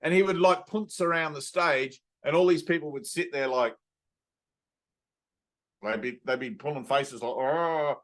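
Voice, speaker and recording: A man's voice: on the high side, normal speed, long pauses, a bit bright. A man, a spiritual teacher giving a satsang talk over a video call, telling rambling stories and slipping into playful voices. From Australia.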